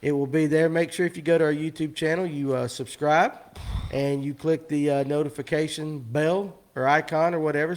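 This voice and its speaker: A man hosting a live fishing show, rambling and teasing his guests in casual chat. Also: fairly high pitch.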